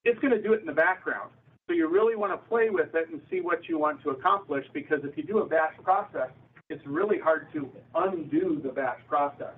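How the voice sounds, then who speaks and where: A man with a somewhat high voice explains software pitfalls to a user group. He is clear and advisory and gives worked examples. The audio is narrow and tinny, like a phone call. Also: fairly quick. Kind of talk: explanatory meeting talk.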